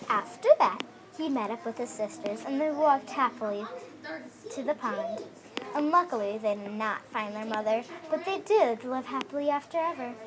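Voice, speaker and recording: A woman reading her own fairy tale aloud in an expressive storybook manner. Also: on the high side, moderate pace, a crowd in the background.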